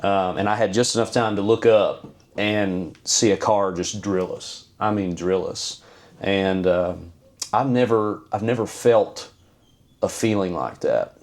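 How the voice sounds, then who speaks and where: Podcast guest: man, low-pitched, halting, earnest storyteller. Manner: earnest, halting, many fillers and restarts. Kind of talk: personal storytelling.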